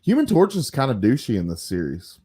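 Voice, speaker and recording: A man co-hosting a casual comic book chat, calmly summing up the story and agreeing along. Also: mid-range voice, a little fast, crowd noise. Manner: calm, agreeable, summarizing. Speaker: co-host.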